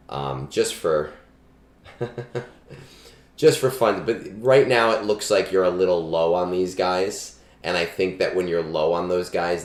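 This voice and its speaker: Deep-voiced male streamer, loose and chatty with lots of ums, cheap mic in a boomy room. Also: reverberant. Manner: relaxed, chatty, frequent ums. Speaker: streamer giving game advice. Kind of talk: casual live-stream chat. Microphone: budget starter microphone.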